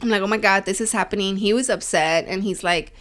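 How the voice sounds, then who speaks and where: A woman's voice: mid-range voice, fast, a bit bright. A woman in her twenties co-hosting a podcast, telling a story in casual chat and switching between Spanish and English. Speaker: podcast co-host.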